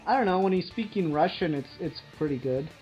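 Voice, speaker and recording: Guy co-hosting a podcast, rambly and laid back, cusses a bit, kinda muffled recording w/ quiet music. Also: on the high side, animated, a little fast. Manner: rambling, laughs, swears casually. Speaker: podcast co-host. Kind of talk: casual chat. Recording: dull lo-fi recording with faint music.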